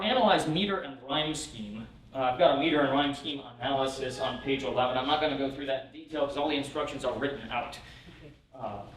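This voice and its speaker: A man's voice: medium pitch, a little hiss or hum. Man, workshop lecturer, casual and chuckling, lots of fillers, distant mic, echoey room. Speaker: pastor teaching a workshop. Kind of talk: conference lecture. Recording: roomy hall from a distant mic.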